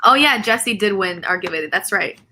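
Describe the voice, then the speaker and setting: A woman's voice: medium pitch, lively intonation, fairly quick, sharp tone, slight background noise, rough recording. A woman chatting casually as a guest on a live makeup stream over a video call, giggling often and trailing off mid-sentence. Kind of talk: casual chat.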